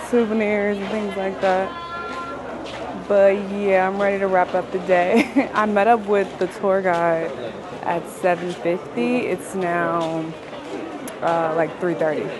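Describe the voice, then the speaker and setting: A young adult woman vlogging casually outdoors on a city street, chatty and often laughing. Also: medium pitch. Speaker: travel vlogger. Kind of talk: casual vlog chat while walking outdoors. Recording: clear city street noise behind.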